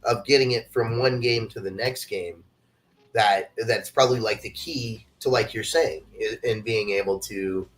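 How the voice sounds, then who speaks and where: Casual, swearing podcast host. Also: male voice, fairly low pitch, moderate pace. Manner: casual and profane, stacks fillers like "you know" and "like". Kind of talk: casual chat. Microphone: remote call mic.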